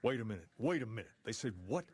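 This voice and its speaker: An actor playing a laid-back, folksy gang boss in a video game who speaks with calm authority. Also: male voice, medium pitch, fast talker, slightly rough.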